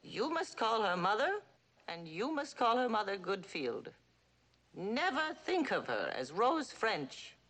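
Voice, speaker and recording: A woman's voice: medium pitch, big pitch swings, slow pace, a bit bright, heavily acted. An actress playing a domineering, dying wealthy old mother in a 1960s TV drama, with a cutting, theatrical manner. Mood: insistent. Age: older.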